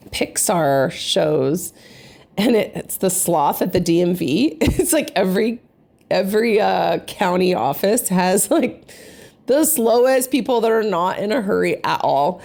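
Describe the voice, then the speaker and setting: Gravelly, slow-talking woman telling a story. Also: mid-range voice. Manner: animated, rambling, many fillers. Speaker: family vlogger. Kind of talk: casual storytelling to camera.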